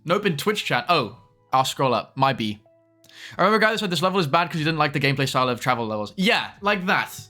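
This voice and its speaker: Bright-voiced young male streamer. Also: on the high side, big pitch swings, soft background music. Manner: chatty, quick asides to chat. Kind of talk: live stream commentary.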